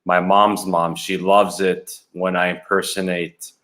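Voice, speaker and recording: A young man from Canada, a hockey goalie appearing as a guest on a podcast, telling stories in a relaxed, chatty way and laughing often. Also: low voice, a little slow. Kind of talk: casual podcast chat.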